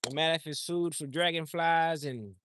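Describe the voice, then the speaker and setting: A man's voice: fairly high pitch, moderate pace, noisy background. A man livestreaming outdoors, talking in a loose, rambling, slangy way and often repeating himself. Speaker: livestream host. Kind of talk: casual rambling chat.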